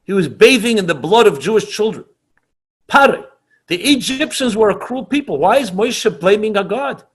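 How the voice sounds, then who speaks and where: A man's voice: high-pitched, animated, normal speed, a bit bright, husky. A middle-aged man, a rabbi, teaching teens in an online class and answering questions, speaking with passion and emphasis and sprinkling in Hebrew and Yiddish terms. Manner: passionate, emphatic, repeats himself.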